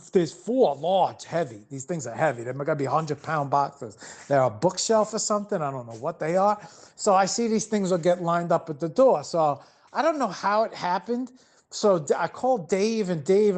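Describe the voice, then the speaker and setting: A man hosting a casual podcast, telling a rambling, profanity-laced story full of restarts and fillers. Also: high voice.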